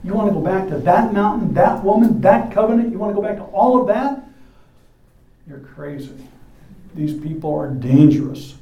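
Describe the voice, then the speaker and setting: A man's voice: high voice, expressive, moderate pace, highs cut off. A man preaching a sermon in a church, emphatic and full of rhetorical questions. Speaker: pastor. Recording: echoey room, mic at a distance.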